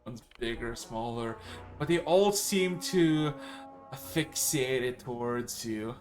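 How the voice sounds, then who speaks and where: A man running a tabletop game, narrating scenes in a loose, profane, laid-back way. His pitch is medium, his pace slow, with faint music underneath. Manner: casual, swearing narration with laughter. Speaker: game master.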